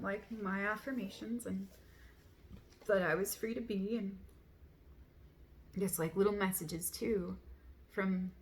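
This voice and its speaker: A woman speaking in a soft, earnest, rambling way, full of casual fillers, sharing reflections in a relaxed monologue. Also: medium pitch, a little hiss or hum. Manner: soft, rambling, many "like" fillers, gentle laughs; earnest, affirming. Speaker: spiritual vlogger.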